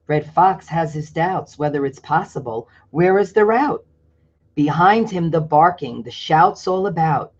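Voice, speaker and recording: A reader working slowly through a rhyming picture book, stopping often to chat about what the pictures show. The voice is mid-pitched and the recording sounds dull and lo-fi. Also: animated. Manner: pauses to explain pictures in a chatty aside. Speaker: storybook reader. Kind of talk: reading a picture book aloud.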